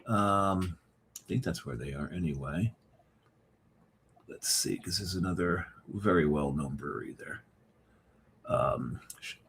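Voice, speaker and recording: A man's voice: low-pitched, fairly bright tone, a little hiss or hum. A man co-hosting a podcast in casual chat, telling chatty anecdotes and laughing often. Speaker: podcast co-host.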